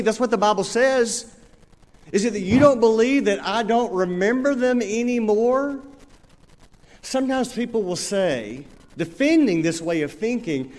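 A man's voice: sits high, moderate pace, in a large hall. An older man preaching a sermon, telling stories and acting out little dialogues in a conversational way. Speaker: pastor.

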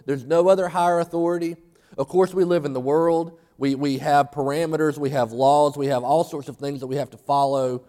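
A man's voice: on the high side, fairly even intonation, brisk, dark tone. A man preaching a sermon, telling a folksy story and rising to fervent emphasis. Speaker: pastor. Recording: long hall reverb.

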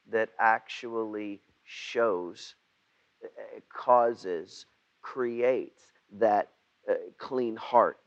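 A man preaching a sermon to his church. He halts and repeats words, then gets loud when he acts out prayers. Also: lowish voice, dull audio. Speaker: pastor.

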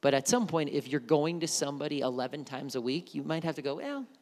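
A man in a pastor's role gives a conversational sermon, his voice a little high and rough with fry. He restarts phrases and repeats words as he works through his point. The sound carries a long echo from a large church sanctuary. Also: fairly even intonation, fast, darkish tone. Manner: conversational preaching with many restarts.

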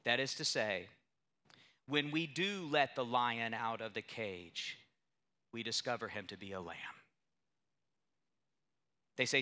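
Young guy pastor preaching, bright voice, tells stories and punches the big lines. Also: mid-range voice, slow, pauses often. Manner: storytelling, emphatic with rising intensity. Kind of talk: sermon.

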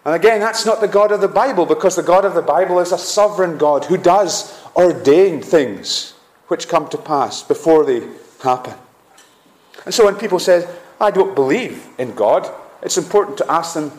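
Man, preacher, sermon, earnest emphasis, higher voice, echoey church room. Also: normal speed. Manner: earnest, rising emphasis on key phrases, frequent "uh" restarts.

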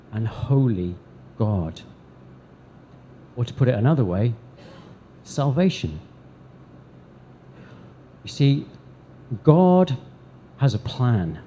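A man preaching a sermon to a congregation in church, deliberate, with dramatic pauses and emphatic swells. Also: mid-range voice, dark tone, a little hiss or hum. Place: church service before a congregation.

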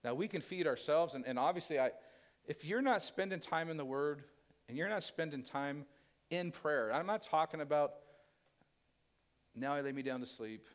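A pastor preaching a sermon with a dynamic delivery, dropping to a hushed tender voice and rising loud again. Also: male voice, on the high side, animated, normal speed.

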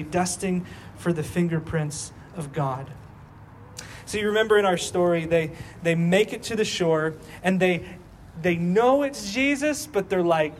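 Male pastor, higher-pitched voice, lively storytelling sermon, faint room ambience. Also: a little hiss or hum. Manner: storytelling, acting out quoted dialogue, asks the congregation questions.

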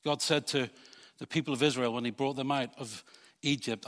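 A man preaching a sermon as pastor, putting rhetorical questions to his congregation and swinging between loud urging and quiet earnestness. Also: medium pitch, fairly even intonation, fairly quick, long reverb tail.

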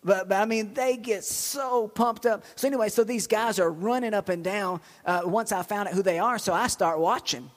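High-voiced preacher in a reverberant hall. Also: male voice, normal speed, few pauses. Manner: lively storytelling with shouts and repetitions. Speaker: pastor. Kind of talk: sermon. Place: church.

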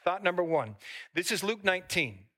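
A pastor delivering a sermon in a high, bright voice. He preaches with lively asides to the congregation. He also reads long scripture passages aloud. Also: normal speed.

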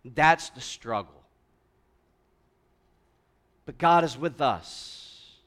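A man preaching a conversational sermon, moving from hushed, slow passages to loud, emphatic ones. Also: on the high side, animated. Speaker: pastor.

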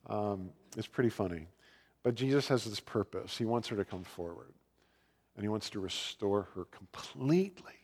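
A man preaching a sermon in a conversational, storytelling way, with fillers and lively asides. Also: on the high side, moderate pace, in a large hall. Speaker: pastor.

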